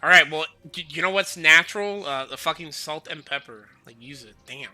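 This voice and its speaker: A man's voice: fairly high pitch, normal speed, bright, forceful tone, faint music behind. A man with a Southern US accent, chatting loosely on a livestream and padding his talk with "like". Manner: loose, rambling, peppered with "like". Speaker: streamer. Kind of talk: casual chat.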